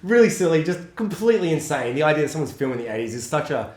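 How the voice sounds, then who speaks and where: A man talks through a film in loose, profane chat, his pitch sitting a bit high and leaping around a lot. He acts out lines in squeaky put-on voices. The room is echoey and bare. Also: sing-song, quick pace, a little mellow. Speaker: podcast co-host. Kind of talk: casual film discussion.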